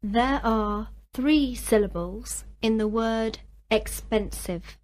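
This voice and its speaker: A woman answers each drill question with a complete, careful sentence. She speaks slowly, in a slightly high voice. Her delivery is measured and scripted. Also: a little mellow. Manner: careful, full-sentence replies.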